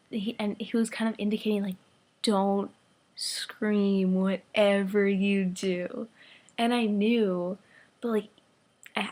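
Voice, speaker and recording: Breathy young woman gushing in whispers. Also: mid-range voice, a little mellow. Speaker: vlogger. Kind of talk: excited storytime chat.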